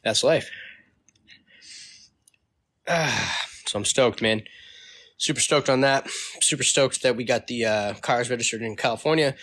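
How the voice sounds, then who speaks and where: A man vlogging casually, ranting about a bad day in an animated, profane storytelling manner. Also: mid-range voice, unhurried, long pauses. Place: California.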